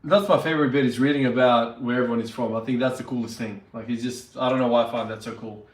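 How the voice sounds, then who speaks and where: A man's voice: mid-range voice, steady tone, quick pace. A man chatting casually on a livestream, upbeat and greeting viewers by name. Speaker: fitness vlogger. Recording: echoey room, mic at a distance.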